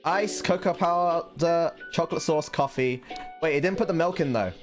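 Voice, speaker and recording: A man's voice: fairly high pitch, normal speed. A young man streaming a game, talking casually, swearing often and yelping panicked apologies. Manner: frantic, swears a lot, yelps apologies in panic. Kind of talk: live gameplay commentary. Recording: game music playing underneath.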